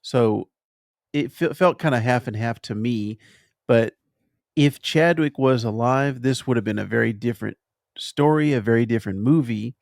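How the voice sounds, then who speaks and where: A man hosting a podcast, chatting casually through a film review and pausing thoughtfully to find his words. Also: mid-range voice, creaky, a little mellow, no echo, studio quality. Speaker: podcast host.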